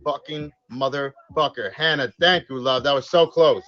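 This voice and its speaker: A man's voice: moderate pace, bright, forceful tone, lo-fi sound. A man streaming a game role-play, hyped and profane, calling out to his chat. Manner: profane, hyped, swings up and down in pitch. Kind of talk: live game stream chatter.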